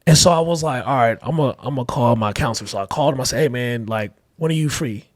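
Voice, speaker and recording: A father chats as a podcast guest in a casual, heartfelt way, his mid-range voice moving at a quick pace. He tells candid personal stories about parenting, filling them with "like" and acting out the voices he quotes. The studio-quality recording is dry.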